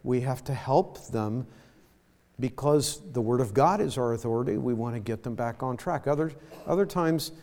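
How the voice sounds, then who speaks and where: A man preaching a sermon as pastor, speaking slowly and haltingly, often repeating his words. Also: medium pitch, a little mellow, long reverb tail. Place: church sanctuary.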